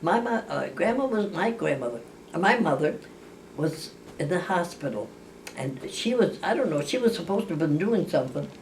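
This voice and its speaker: Here an older woman recounts family tales in casual conversation, her voice on the low side and darkish, with lively intonation and an ordinary speed. She rambles, frequently starting over and correcting herself, and mimics the people in her stories. Recorded from a distance, with a faint hiss.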